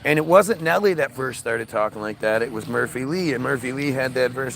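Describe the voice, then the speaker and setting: A man's voice: medium pitch, brisk, vocal fry, few pauses, fairly bright tone, a little hiss or hum. A man ranting in a casual monologue, swearing often, with frequent stammers and restarts. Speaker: podcast host.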